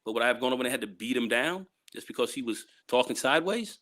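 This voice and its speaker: A man's voice: medium pitch, animated, fast, fairly bright tone. Rambling male guest with many "you know"s. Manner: rambling, repeats "you know", acts out quoted people. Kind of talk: casual discussion.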